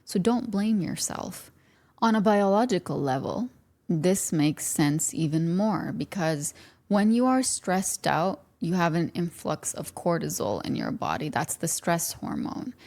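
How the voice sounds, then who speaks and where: Gentle low-pitched woman with vocal fry. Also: big pitch swings, a little slow. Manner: earnest, speaks directly to the listener. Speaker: podcast host. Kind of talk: reflective podcast monologue.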